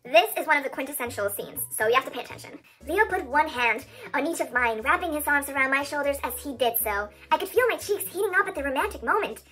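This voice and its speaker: A woman's voice: high voice, lively intonation, quick pace, hardly any pauses, pushed and bright, soft background music. A young woman reading her old fanfiction aloud and breaking off for self-mocking, laughing asides. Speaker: video creator.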